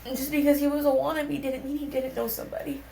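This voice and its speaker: A young woman tells a personal story in a candid, raw way, swearing casually. Her slightly high voice has a gravelly fry. She is recorded in an echoey room with a faint hum behind her. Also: level tone, fast talker, warm tone. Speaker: podcast guest.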